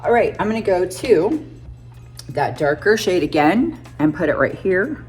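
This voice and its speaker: Low-voiced chatty woman doing makeup. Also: very animated, a little slow, darkish tone, breathy edge, soft background music. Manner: chatty, self-deprecating, narrates each step. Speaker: beauty vlogger. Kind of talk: casual makeup tutorial.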